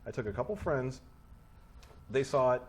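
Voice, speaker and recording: A man's voice: mid-range voice, moderate pace. A man co-hosting a movie podcast, telling stories casually with swearing and frequent laughs. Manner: animated storytelling, swearing, laughs often. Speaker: podcast co-host. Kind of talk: casual chat.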